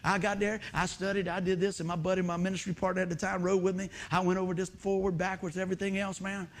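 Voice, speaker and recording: A high-pitched man delivers a sermon, animated and quick to laugh as he tells his story. His voice sits well above the usual range for a man. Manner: animated, often laughing while telling the story. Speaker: preacher and musician. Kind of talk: sermon with a humorous personal story.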